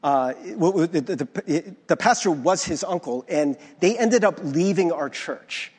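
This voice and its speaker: Animated husky pastor in a hall. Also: male voice, fairly high pitch, unhurried. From United States. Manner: conversational, animated, many restarts and "like". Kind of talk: sermon with personal stories. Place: church sanctuary. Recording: long hall reverb from a church.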